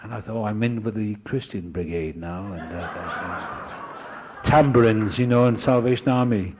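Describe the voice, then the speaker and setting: A man speaking at a recovery meeting, telling his story in a lively, dramatic way and acting out the voices of other people. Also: lowish voice, moderate pace, noisy background. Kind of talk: storytelling talk. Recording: dull lo-fi recording.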